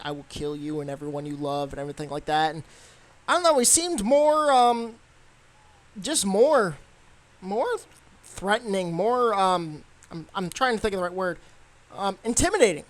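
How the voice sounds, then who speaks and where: A young man giving a casual, rambling movie review, full of fillers and restarts. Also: high-pitched.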